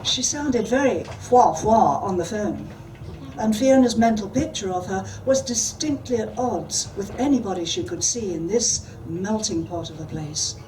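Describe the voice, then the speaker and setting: A woman author reads her own prose with a measured delivery and answers questions firmly. She sounds distant from the microphone, and there is clear background noise at the event. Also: mid-range voice, animated. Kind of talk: reading fiction aloud at a panel. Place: event hall.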